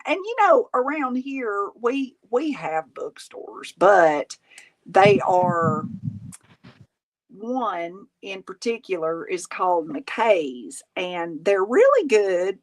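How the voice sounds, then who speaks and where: A woman's voice: medium pitch, rough recording. A woman from Tennessee with a Southern accent, hosting a craft livestream and chatting casually with folksy exclamations while she works. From Tennessee, USA.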